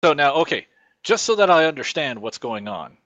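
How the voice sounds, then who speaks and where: A man's voice: fairly high pitch, very animated, brisk, a bit bright, no echo, lo-fi sound. Laughing man bargaining at the game table. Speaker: player. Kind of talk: casual tabletop role-play chat.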